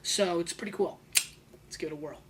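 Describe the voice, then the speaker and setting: A man hosting a casual wine tasting video, joking and excitable, jumping between loud bursts and muttered asides. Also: a little fast, a little hiss or hum. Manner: excitable, joking, big swings in pitch and loudness; talks to the camera and an off-screen helper. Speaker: wine show host.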